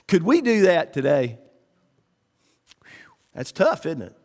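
A middle-aged pastor preaching with a slightly high, ringing voice. He speaks emphatically, leaps upward when he quotes and slows down to read scripture. His voice carries a long reverb through a church sanctuary. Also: very animated, darkish tone. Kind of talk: sermon.

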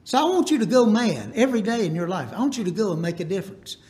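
A man delivers a Baptist sermon in a notably high voice. He wanders through homespun stories, then stops to ask the congregation to repeat lines back to him. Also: expressive, fast talker, darkish tone. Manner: folksy, rambling, calls out for congregation responses. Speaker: Baptist preacher. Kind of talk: storytelling sermon.

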